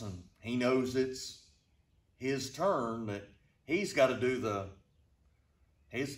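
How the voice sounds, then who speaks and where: A man casually telling a funny travel story to his channel, with a slow, deadpan drawl. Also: medium pitch. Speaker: storyteller vlogger. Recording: roomy, distant from the mic.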